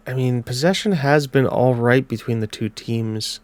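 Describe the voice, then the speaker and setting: A man with a stuffy, congested voice narrates a football management game in a casual, chatty way, rattling off player moves in quick bursts. His voice sits at an ordinary middle pitch. The sound is dry and close, with no room echo. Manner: chatty, calls match play in quick bursts. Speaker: gaming commentator. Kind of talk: casual let's-play commentary.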